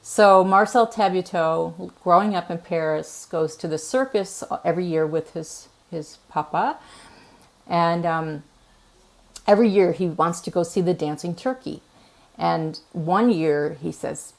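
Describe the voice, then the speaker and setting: A woman oboist chatting casually on stage, telling an animated story and laughing often. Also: lowish voice, unhurried, gravelly. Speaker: oboist and host. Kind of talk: casual onstage chat. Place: museum performance space.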